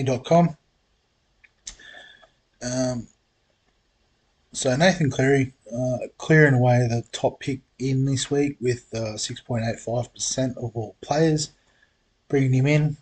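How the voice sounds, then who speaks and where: Male host, husky mid voice, easygoing and unpolished, hiccuping. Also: medium pitch. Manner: relaxed, thinks aloud with many ums and uhs. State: has the hiccups. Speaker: fantasy sports channel host. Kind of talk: casual solo preview talk.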